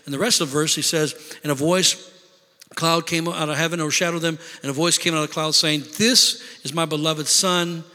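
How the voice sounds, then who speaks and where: This is a man's high, bright voice with a forceful tone, preaching as pastor. He breaks into call-and-response asides, asking for amens and a response from the congregation, all echoing with long large-hall reverb.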